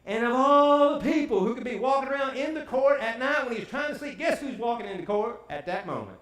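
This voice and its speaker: A male preacher retells a story for his congregation, lively and quick to throw questions out to the pews. His voice sits high, and it rings around a roomy church sanctuary. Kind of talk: storytelling sermon.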